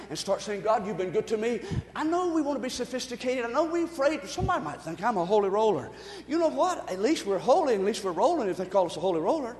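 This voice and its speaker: A man preaching a sermon as pastor, excitable and breaking into loud shouted bursts. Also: very high voice, roomy sound, in a large hall. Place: church.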